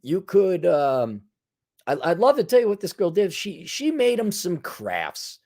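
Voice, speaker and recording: A man's voice: high voice, wildly swooping pitch, unhurried, dark tone. A man hosting a solo commentary monologue, lecturing in a sarcastic, mocking way. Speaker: commentary channel host.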